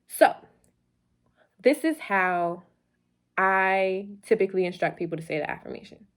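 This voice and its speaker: A woman's voice: mid-range voice, lively intonation, a little slow, clean tone. A woman hosting a motivational vlog, talking playfully and preachily to the camera late at night, a little loopy, repeating phrases for emphasis. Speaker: vlog host.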